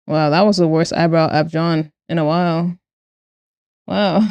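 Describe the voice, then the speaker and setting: A young woman streamer chats playfully with her viewers while drawing, often breaking into giggles. Her voice is low, clear and resonant, with a darkish tone, fairly even intonation and a measured pace. The recording is dry with the highs cut off.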